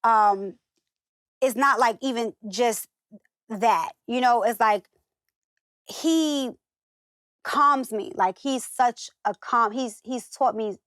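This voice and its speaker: A woman's voice: fairly high pitch, slow, long pauses, fairly bright tone, dry recording, clean studio sound. Chatty woman telling stories. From northern United States. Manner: chatty storyteller who acts out quoted voices. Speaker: guest. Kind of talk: casual interview chat.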